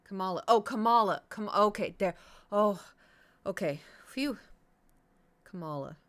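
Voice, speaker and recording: A woman's voice: mid-range voice, lively intonation, a little slow. A woman streamer chatting casually with her viewers, rambling and poking fun at herself. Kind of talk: casual live-stream chat.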